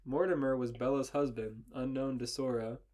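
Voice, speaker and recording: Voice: mid-range voice, steady tone, moderate pace, darkish tone. A podcast host reading fan fiction aloud as a comedy bit, often breaking into laughter. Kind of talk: comic read-aloud with banter.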